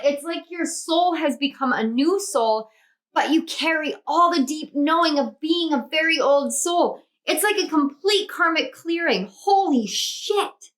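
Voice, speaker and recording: A young woman doing a pick-a-card tarot reading, gushing and exclamatory as she speaks to her viewers. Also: high voice. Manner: gushing, excitable, spiritual, exclamatory. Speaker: tarot reader.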